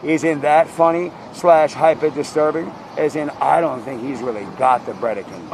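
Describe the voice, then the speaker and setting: A man's voice: fairly high pitch, normal speed, a little mellow, slight background noise. A man improvising a rambling, slangy comedic rant as host, mock-interviewing someone.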